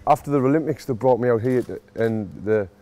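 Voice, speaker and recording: A man's voice: medium pitch, brisk, dark tone. A man in his thirties with a Sunderland accent, talking casually and emotionally in a vlog from a football stadium. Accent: Sunderland (Mackem). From Sunderland, England. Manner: emotional, chatty, self-mocking. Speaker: boxing coach and vlogger.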